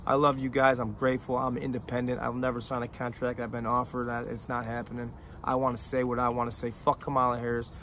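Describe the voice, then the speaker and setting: Speaking directly to his fans on camera, this middle-aged independent rapper rambles with raw, heartfelt emotion, swearing freely and stumbling over frequent restarts. His voice is monotone, a bit bright, at an ordinary middle pitch for a man, with a faint hiss behind it.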